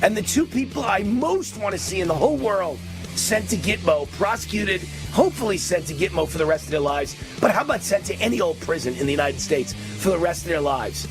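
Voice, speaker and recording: A man from New York hosting a live political commentary show, ranting with loud emphatic delivery. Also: high-pitched, animated, a little fast, over music. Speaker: show host.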